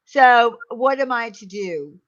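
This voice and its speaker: A woman's voice: a little high, expressive, slow, a bit bright, highs cut off. A woman co-hosting a casual livestream, teasing and supportive in her chatter. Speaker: livestream co-host.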